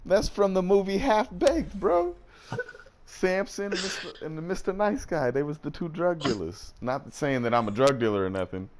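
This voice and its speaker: A man's voice: on the high side, big pitch swings, moderate pace, a little mellow, a little hiss or hum. A man casually chatting and joking with friends while streaming a video game, using loose slang. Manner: laid-back slangy talk, laughs often. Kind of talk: casual gaming stream banter.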